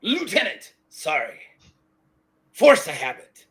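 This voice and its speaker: A hoarse man voicing a rowdy, greedy, boozy male crewman with a pirate drawl in a tabletop game. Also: fairly high pitch, huge pitch swings, takes it slowly, heavily acted. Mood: sly. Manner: gruff pirate drawl, loud bursts.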